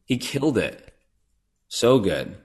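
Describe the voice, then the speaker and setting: A man's voice: medium pitch, sing-song, slow pace, a little mellow, slightly rough. A man who works as a voice actor, chatting casually on a podcast, rambling and self-deprecating with many fillers and restarts. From Nebraska. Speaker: voice actor guest.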